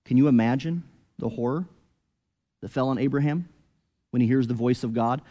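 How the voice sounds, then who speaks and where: A man preaching an expository sermon, earnest, rising to emphatic peaks and then dropping low and quiet. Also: moderate pace, long reverb tail, muffled recording.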